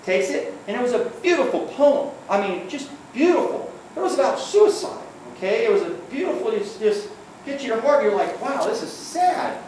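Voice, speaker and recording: A man's voice: very high voice, animated, a little fast, darkish tone. A man giving a conversational workplace-safety training talk, often checking in with "okay?" and acting out quotes. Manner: checks in with the audience with frequent "okay?"; storytelling with acted quotes. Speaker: workplace safety trainer, former police liaison officer. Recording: echoey room, far from the mic, faint noise.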